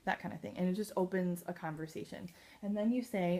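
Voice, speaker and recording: A woman at home at night giving a team a casual training talk as a sales leader, upbeat and chatty with many fillers, a little excited and nervous. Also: fairly low pitch, brisk.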